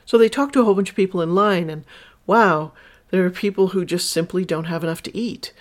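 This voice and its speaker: A woman's voice: lowish voice, a little fast. A woman hosting her own podcast, speaking candidly and emphatically as she tells personal stories and gives advice as a sex educator. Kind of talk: solo podcast monologue.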